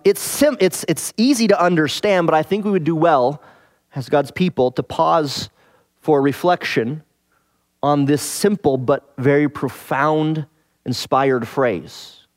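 Explaining scripture like a teacher, a man gives a measured expository sermon and stops at times to rephrase. His voice is slightly high and a little mellow.

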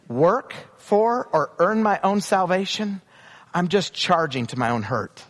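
A man preaching a sermon as pastor, telling a personal story with restarts and slowing down to stress key phrases. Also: high voice, a bit bright. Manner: storytelling with repeated restarts and emphatic slow phrases.

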